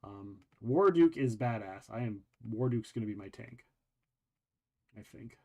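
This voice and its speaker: A man hosting a show, casually chatting while walking through a video game, rambling with many pauses and restarts. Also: lowish voice. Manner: rambling, relaxed, lots of ums and restarts. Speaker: show host. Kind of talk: casual game walkthrough chat.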